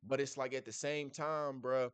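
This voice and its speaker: A man's voice: medium pitch, flat delivery, normal speed, clear, resonant tone, no echo. A man hosting a reaction video, talking in casual, blunt slang full of profanity, with "bruh" after nearly every thought. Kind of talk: casual commentary reacting to a clip.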